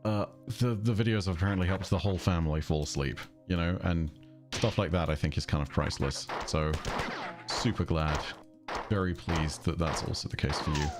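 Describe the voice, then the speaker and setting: A man's voice: deep voice, a little fast, music in the background. A man with a southern English accent streaming a game, chatting casually in a rambling way and breaking off to react to the game. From England. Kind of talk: casual livestream chat while gaming.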